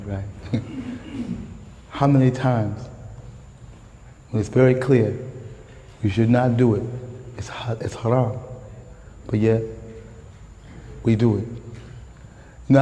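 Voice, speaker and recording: An American man giving a lively, slangy sermon in a mosque, jumping from calm talk to shouts. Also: medium pitch, in a large hall, a little hiss or hum, rough recording. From United States. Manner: animated, slangy street talk, rises to shouts. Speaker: guest preacher. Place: mosque prayer hall.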